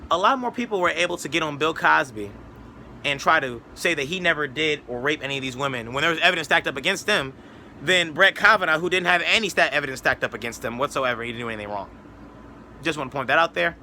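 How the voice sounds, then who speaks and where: A man's voice: on the high side, expressive, fast talker, bright, forceful tone, slight background noise. A man giving a rambling, sarcastic opinion monologue as a political commentator, mocking others with put-on voices.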